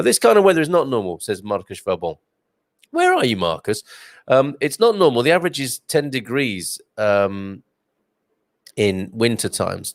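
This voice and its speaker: A male host with a lively, swooping delivery, reading viewer comments and wandering off into chatty asides. His voice sits at an ordinary pitch and sounds close and dry. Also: gravelly, no room sound. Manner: chatty, rambling, reads comments aloud with asides. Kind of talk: live-stream chat reading viewer comments.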